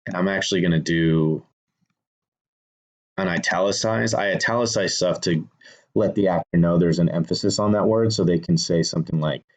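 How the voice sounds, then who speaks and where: A man with a very low voice talks casually through his screenplay edits. He thinks aloud, restarting sentences and filling pauses as he goes. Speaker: screenwriter teaching revision. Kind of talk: casual instructional talk.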